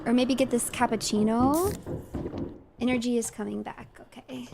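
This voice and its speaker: Woman streamer getting annoyed at a spooky game, kinda high voice, bit of background hiss. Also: moderate pace, vocal fry. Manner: animated, exasperated, reads dialogue aloud. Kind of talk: live game commentary.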